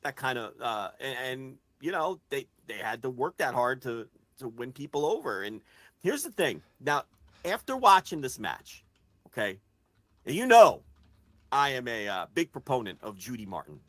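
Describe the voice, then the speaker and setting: A man co-hosting a podcast in casual chat, talking excitedly, swearing freely and building an argument point by point. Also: medium pitch, normal speed, no echo. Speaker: podcast co-host.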